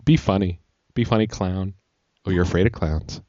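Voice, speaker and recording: A man co-hosting a casual podcast, excitable and stammering with repeats. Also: sits low, moderate pace, no room sound, muffled recording. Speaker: podcast co-host.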